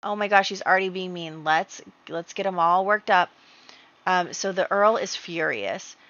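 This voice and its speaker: Chatty woman narrating a game, bright. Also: fairly low pitch. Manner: chatty, storytelling with many fillers and quick acted quotes. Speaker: gameplay narrator. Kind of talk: casual gameplay commentary. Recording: dull, lo-fi home mic.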